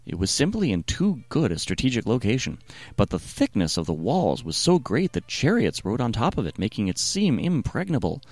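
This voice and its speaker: A man narrating a satirical retelling of a scripture story in a deadpan, sardonic manner. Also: mid-range voice, moderate pace, dry recording. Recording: faint music underneath.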